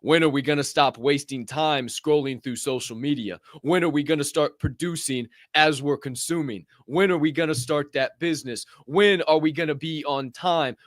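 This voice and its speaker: A man's voice: on the high side, no room sound, clean studio sound. A man hosting a podcast, delivering a fiery, profane motivational monologue in reaction to a clip. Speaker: podcast host.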